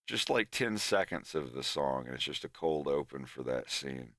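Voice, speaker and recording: A man's voice: extremely low pitch, expressive, moderate pace, fairly bright tone, no echo, studio quality. A man from Florida with a Southern drawl, chatting casually on his stream and often restarting his sentences. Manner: rambling, restarts often, laughs easily. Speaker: animator and streamer.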